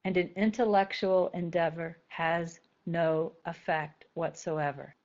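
This is a woman leading a reflective spiritual talk for a group, her voice a touch low and her pace very slow. She turns phrases over gently and repeats them for emphasis. The recording sounds slightly dull and lo-fi. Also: steady tone. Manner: gentle, thoughtful, repeats key phrases slowly. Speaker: spiritual teacher.

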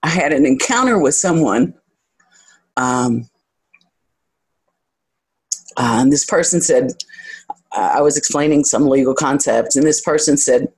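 A spiritual teacher talks to a group in a reflective, unhurried way. The delivery is halting and searching, often stopping to find the next words. There is a candid, self-examining quality to it, with a touch of humor at their own expense. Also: mid-range voice, slightly rough. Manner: hesitant and searching, pausing to gather thoughts.

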